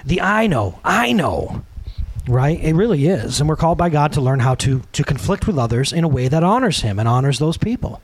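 A man's voice: a little high, quick pace, hardly any pauses, slight background noise. A man in his thirties, a pastor, preaching a conversational sermon and acting out quotes in other voices. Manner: conversational, animated, acts out quotes.

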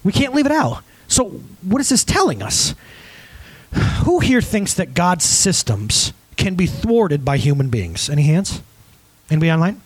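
A male pastor delivers a conversational sermon, emphatic and constantly asking the congregation questions. His voice sits high and swings widely in pitch. The sound is dry and close. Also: sing-song, normal speed, husky, no echo, poor audio.

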